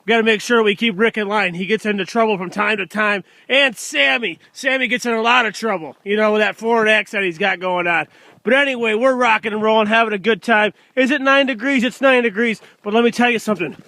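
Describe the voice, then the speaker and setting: A man giving a loud, excitable, folksy sales pitch outdoors while walking around a truck for sale. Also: a little fast, no echo. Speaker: used truck dealer. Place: outdoors by a truck in freezing cold. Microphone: handheld camera filmed by a helper.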